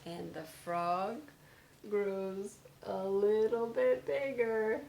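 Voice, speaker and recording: Lady teacher reading a kids' book out loud, slow and animated, echoey room w/ faint hiss. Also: vocal fry. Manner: expressive read-aloud with big pitch swings. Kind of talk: reading a picture book aloud to children. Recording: roomy sound with faint noise.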